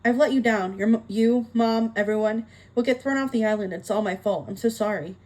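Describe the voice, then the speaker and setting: Woman reader as a young mermaid girl, upset and tearful, higher voice. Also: brisk, darkish tone, natural voice. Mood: distraught.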